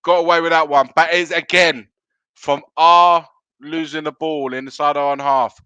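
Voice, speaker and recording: Male watch-along host, forceful tone, running commentary on the match with casual asides, dry sound. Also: on the high side, fairly even intonation, moderate pace, clear, resonant tone, dry recording, highs cut off. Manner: play-by-play calling of the action, chatty asides.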